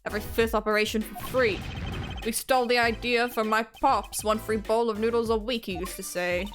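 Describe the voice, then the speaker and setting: A woman doing a gruff old noodle-stand chef. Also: fairly high pitch, fairly even intonation, a little fast, faint music behind, close to an everyday voice. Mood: bitter. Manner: gruff, grumbling, folksy. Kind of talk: video game voice acting.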